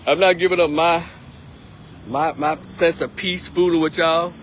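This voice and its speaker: A man's voice: fairly high pitch, fairly even intonation, unhurried, fairly bright tone, a little hiss or hum. A man giving a blunt, emphatic political monologue on a live stream, repeating his points.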